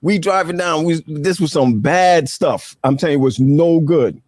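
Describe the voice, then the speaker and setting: Laughing a lot as he tells lively stories, a man hosts a casual chat in a fairly high voice at a moderate pace. The sound is clean studio quality with no echo.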